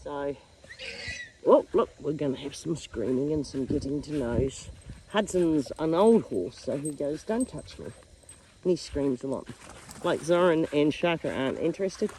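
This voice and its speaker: A woman's voice: low-pitched, lively intonation, normal speed, mellow, slight background noise, rough recording. A middle-aged woman with an Australian accent, chatting down-to-earth as she works outdoors on her farm, filming on a handheld phone. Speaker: farm vlogger. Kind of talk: casual vlog narration.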